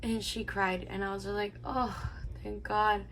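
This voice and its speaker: Young woman, casual vlog chat, rambling and chatty, gravelly fry, faint background noise. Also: medium pitch, level tone, measured pace, fairly bright tone. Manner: chatty, rambling, lots of "like" fillers. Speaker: beauty vlogger. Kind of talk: casual makeup tutorial and storytime.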